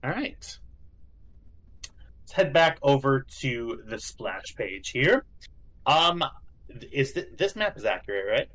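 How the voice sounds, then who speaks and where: A man running a tabletop game as game master, halting and full of fillers as he explains. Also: mid-range voice, big pitch swings, a bit bright, rough recording. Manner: halting, lots of fillers and restarts.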